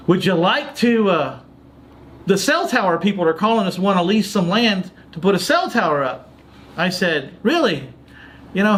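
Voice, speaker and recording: A man hosting a podcast, telling a story in a casual chat and acting out the lines of other people. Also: high-pitched. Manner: animated storyteller, quotes others' dialogue. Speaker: podcast host.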